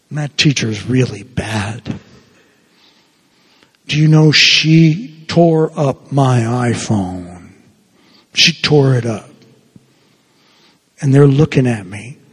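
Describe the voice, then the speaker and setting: A man's voice: slightly rough, long reverb tail. A priest telling a story in a sermon, acting out the dialogue with big swings in his voice. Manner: animated, acts out dialogue with big pitch swings.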